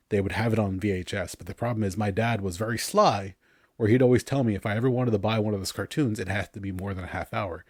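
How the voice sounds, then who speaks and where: On a podcast he co-hosts, a man in his thirties with a fairly low voice chats casually, telling lively stories and laughing often. The audio is dry and close-miked, with no room echo.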